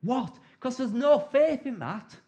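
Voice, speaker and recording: High-voiced preacher. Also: male voice, lively intonation, moderate pace, highs cut off. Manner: conversational, humorous preaching, acting out prayers and God's replies. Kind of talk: sermon.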